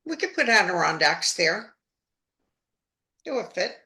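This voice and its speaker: A woman's voice: lowish voice, big pitch swings, measured pace, vocal fry, bright, forceful tone. A woman who is an art student in a casual class discussion, asking tentative questions about her painting.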